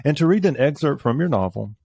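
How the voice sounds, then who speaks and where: A man's voice: on the high side, animated, a little fast, darkish tone, breathy edge, no room sound. A man from the American South with a Southern accent, hosting an interview podcast in a chatty way that breaks into laughs. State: allergies flaring. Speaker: podcast host.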